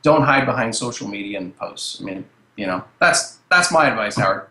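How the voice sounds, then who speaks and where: A man speaks as a guest and gives advice in a blunt, plain-spoken way. His voice is bright and forceful. He sounds like he is in a roomy, echoing space. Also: on the low side, lively intonation, moderate pace. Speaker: guest, marketing executive. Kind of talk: advice in interview.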